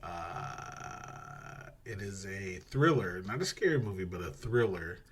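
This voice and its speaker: A man co-hosting a podcast, casually retelling a movie plot in a rambling, animated way, swearing and acting out quotes. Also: sits low, slow, slightly rough. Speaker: podcast co-host.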